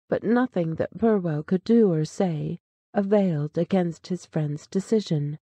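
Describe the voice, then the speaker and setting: Slow, mellow audiobook storyteller. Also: medium pitch, breathy edge, dry recording. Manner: measured, dramatic storytelling. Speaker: narrator. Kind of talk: audiobook narration of a classic short story.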